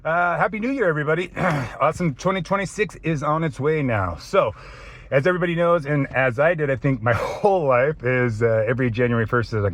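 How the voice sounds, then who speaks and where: A man's voice: on the high side, brisk, a bit bright. A man in his thirties filming an off-the-cuff fitness vlog. He rambles and says "dude" a lot, and he is choked up. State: teary, choked up. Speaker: fitness vlogger.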